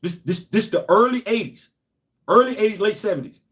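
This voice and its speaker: A middle-aged man from New York hosting a casual opinion show, talking emphatically and swinging between loud points and low asides. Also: expressive, brisk. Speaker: host.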